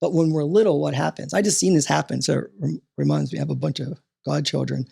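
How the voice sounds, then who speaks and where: A man talking as a podcast guest and coach, animated and motivational, often tossing in "right?" as he talks. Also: fairly high pitch, quick pace, vocal fry, slightly rough.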